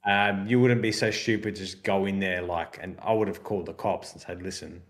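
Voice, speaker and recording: A man with a fairly low voice co-hosts a relaxed film chat. He talks loosely and often quotes what he was thinking at the time. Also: brisk. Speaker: podcast co-host. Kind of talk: casual movie discussion.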